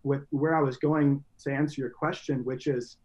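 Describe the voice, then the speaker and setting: A man's voice: mid-range voice, steady tone, normal speed, a little mellow, highs cut off. A young man as a podcast guest, talking earnestly about faith in a rambling, reflective way with many restarts. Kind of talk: reflective conversational interview.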